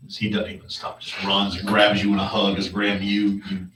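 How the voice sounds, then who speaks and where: Low-voiced game master, distant and echoey. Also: male voice, monotone, a bit bright. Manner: halting, restarts often, low-key. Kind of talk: narrating a tabletop game. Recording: echoey room, mic far off, faint hiss.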